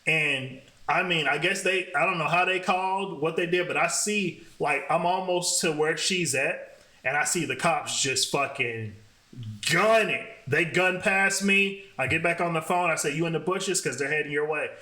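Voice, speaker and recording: A man telling a dating story in a casual, profane, animated way. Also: on the high side. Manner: profane, animated, fast talking. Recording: roomy echo.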